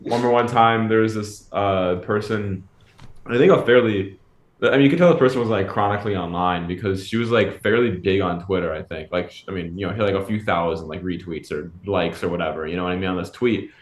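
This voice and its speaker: A man with a fairly low voice chats casually as a podcast co-host. He rambles, stalls on fillers and restarts his sentences, and the sound comes through with a noticeable room echo. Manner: rambling, halting, full of fillers. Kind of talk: casual chat. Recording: echoey room.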